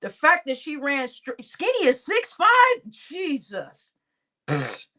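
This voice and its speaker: A woman vlogger giving casual commentary, telling stories in a slangy, animated way and often breaking into laughter. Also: high-pitched, takes it slowly. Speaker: vlogger reacting to news.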